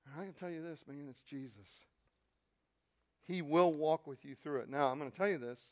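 A male pastor preaching a sermon, telling a story and swinging from quiet, intimate asides to loud, shouted peaks. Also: fairly high pitch, moderate pace.

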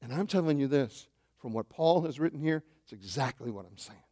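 A man preaching a sermon as pastor, animated, swinging between loud bursts and hushed asides, calling his listeners saints. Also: mid-range voice, a little fast. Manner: addresses listeners as saints, asks questions.

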